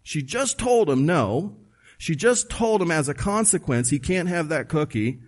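A man's voice: a little high, lively intonation, a little slow. A man preaching a sermon, emphatic and conversational, asking the listeners questions and reading scripture aloud. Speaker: pastor.

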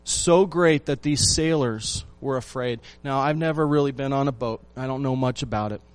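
A man preaching a sermon, asking his listeners rhetorical questions and repeating phrases for emphasis, swinging between loud lines and hushed ones. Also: mid-range voice, normal speed, dry recording, soft background music. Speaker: pastor.

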